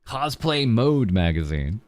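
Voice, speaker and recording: On a charity livestream, a young man streaming as a VTuber chats and rambles, making fun of himself and leaning on ums and uhs. His lowish voice is very animated but takes things slowly, with no room sound.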